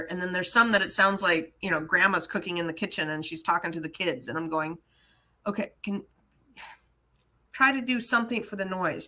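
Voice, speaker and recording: A chatty American woman hosting a live Q&A about online selling. Her voice is bright and forceful, and her talk is animated and full of laughter. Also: mid-range voice. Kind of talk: casual live Q&A chat.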